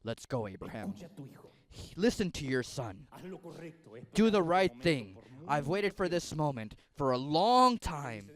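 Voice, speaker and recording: A man voicing a calm, commanding creator God in a sermon story. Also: on the high side, slow. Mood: solemn. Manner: calm, reassuring.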